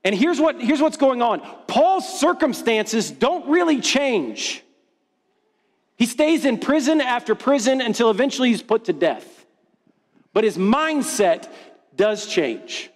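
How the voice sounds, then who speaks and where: A man with a high voice preaches in a loose, chatty, self-mocking way, telling anecdotes to his congregation. His words ring out with a long reverb, as in a large church hall. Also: sing-song, a little slow. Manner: casual, conversational, playful and self-deprecating. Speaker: pastor. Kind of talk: sermon with storytelling.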